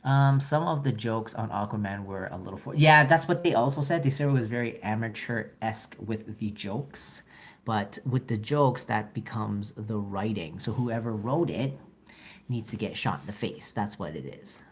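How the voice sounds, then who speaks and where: A man's voice: lowish voice, moderate pace. Young male livestreamer, playful and teasing, casual chat with viewers while drawing. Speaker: livestreaming artist.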